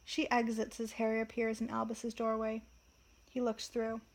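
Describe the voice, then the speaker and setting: A woman casually reading stage directions aloud from a play script, quiet and soft. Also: on the high side, completely flat delivery, normal speed, low-quality recording. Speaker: reader and commentator.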